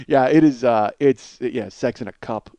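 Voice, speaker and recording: A man's voice: mid-range voice, normal speed, dark tone, muffled recording. Rambling, profane comic storyteller, a man. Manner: rambling, profane, self-mocking, laughs at own jokes. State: cold sore on face. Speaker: podcast host.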